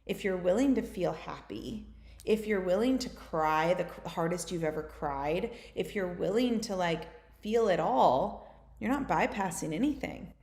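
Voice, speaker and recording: A woman's voice: fairly low pitch, animated, darkish tone. A woman in her thirties from the United States, telling stories in a casual podcast talk, full of fillers. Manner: fast, filler-heavy storytelling with many "like"s. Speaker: guest. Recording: roomy echo.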